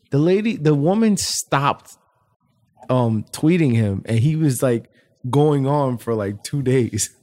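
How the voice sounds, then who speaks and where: A man co-hosting a podcast, talking in loose, joking banter and swearing freely. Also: mid-range voice. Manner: animated, laughing, swears freely. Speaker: podcast co-host. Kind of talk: casual banter.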